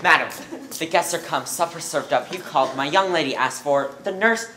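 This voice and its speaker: Woman as a rushed household servant, very deep voice, stage play. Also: crowd noise, lightly acted, rough recording. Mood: hurried. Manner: rushed announcing. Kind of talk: amateur stage acting.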